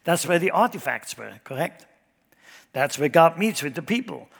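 A man preaching a sermon who speaks emphatically, swinging his loudness up and down and asking his congregation rhetorical questions. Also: a little high, very animated, moderate pace, vocal fry, husky. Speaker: pastor. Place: church sanctuary. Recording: long hall reverb.

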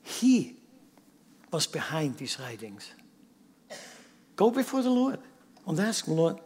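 A man preaching a sermon, swinging from loud emphatic bursts down to near-whispers. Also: on the high side, sing-song, slow pace, husky, long reverb tail. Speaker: pastor.

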